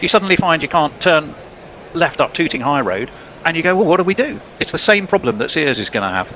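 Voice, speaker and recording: A man's voice: a little high, animated, fairly quick, sharp tone, slight background noise. A man doing ball-by-ball cricket commentary in a playful, joking way, often laughing. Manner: playful, laughing, jokey banter.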